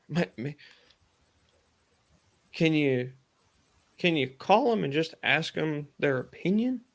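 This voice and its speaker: A man's voice: fairly high pitch, animated, takes it slowly, pauses often. A man hosting a live stream, casually retelling a personal story in a rambling way with lots of fillers and quoted thoughts. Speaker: podcast host.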